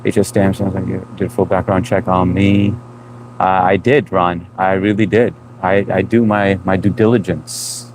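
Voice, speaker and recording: Laid-back livestream host, male, fairly low voice, accent mixing Indian and New England, faint noise behind. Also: normal speed. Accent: mix of Indian and New England. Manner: relaxed, chatty, laughs often, trails off in restarts. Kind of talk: casual live-stream chat reading comments.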